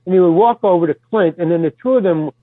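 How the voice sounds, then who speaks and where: An older man spins a lively anecdote in a loose, casual way, with a fairly high voice for a man. The sound is thin and phone-like, with no room echo at all. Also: fast. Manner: animated storyteller, casual swearing. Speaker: guest actor. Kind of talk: storytelling anecdote in conversation. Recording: dry, tinny phone-like sound.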